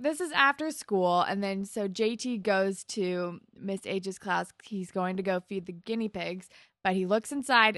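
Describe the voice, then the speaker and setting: Recapping an episode, a woman co-host on a podcast slips into the characters' lines with animated energy, keeping the chat casual. Her voice is medium in pitch, and the studio sound is clean with no room sound.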